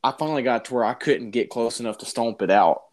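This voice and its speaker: A man telling a funny personal story in casual chat, animated and often laughing, calling the listener dude. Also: medium pitch, quick pace.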